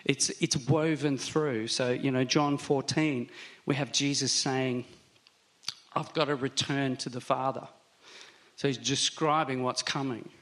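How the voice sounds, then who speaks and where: Male pastor, mid-pitched voice, conversational sermon delivery, slow emphatic stresses. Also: fairly even intonation, a bit bright.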